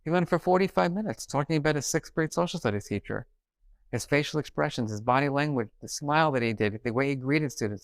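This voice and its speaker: A middle-aged man giving a conference keynote, telling stories and acting out quoted dialogue in an animated way. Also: fairly high pitch, a little fast, no echo. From New York. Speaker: keynote speaker. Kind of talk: conference talk, storytelling. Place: conference stage.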